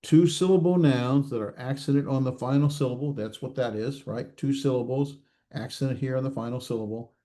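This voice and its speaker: A male instructor in a recorded class session, talking in a mellow, dark-toned voice. He explains patiently but haltingly, full of uh's and restarts, correcting himself and asking the students if they follow. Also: mid-range voice, steady tone. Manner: halting, many fillers and restarts; checks in with students, self-correcting.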